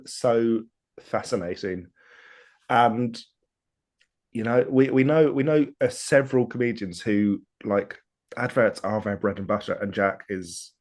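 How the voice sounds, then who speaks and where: A man with a low voice co-hosts a relaxed podcast conversation. He talks eagerly and keeps backing up his partner with quick agreement. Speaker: podcast co-host. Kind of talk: casual podcast chat.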